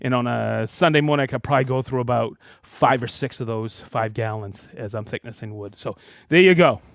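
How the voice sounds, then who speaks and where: A man hosting a live stream in a casual, excited way, calling out viewers by name and hometown. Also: mid-range voice, fairly quick, creaky, dry recording, clean studio sound. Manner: excited, animated, reading viewer shout-outs. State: worked up and dusty after a demo. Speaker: host of a live product show.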